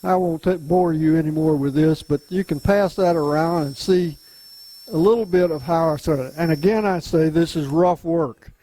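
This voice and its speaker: An older man from Louisiana with a softened Southern accent, giving an unhurried, folksy woodworking demonstration to a club. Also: fairly high pitch, poor audio. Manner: unhurried, folksy, chuckles often. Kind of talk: casual demonstration talk.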